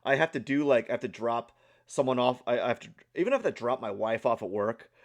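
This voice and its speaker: Rambling, animated young man telling a story. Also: medium pitch, fast talker. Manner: animated and rambling, with many restarts and fillers. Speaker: art channel vlogger. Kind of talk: casual vlog storytelling.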